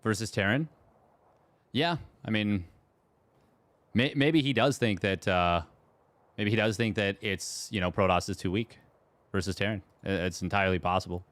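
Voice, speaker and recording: Lowish-voiced guy casting a game stream, rambly, lots of ums and restarts, answering chat. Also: normal speed, pauses often, fairly bright tone, no room sound. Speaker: esports caster. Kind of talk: live stream commentary and chat.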